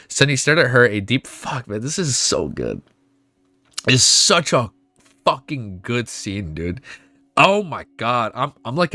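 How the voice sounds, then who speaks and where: Excitable man reading a novel aloud. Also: mid-range voice. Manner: emotional, swears often, gushes in excited outbursts. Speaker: streamer reading a web novel. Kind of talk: reading aloud with live reactions.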